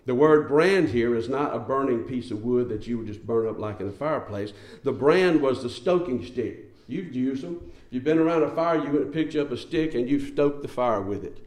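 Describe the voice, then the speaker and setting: A man's voice: medium pitch, lively intonation, brisk, few pauses, darkish tone, reverberant. A man preaching a sermon in an emphatic, conversational way, often asking his listeners rhetorical questions.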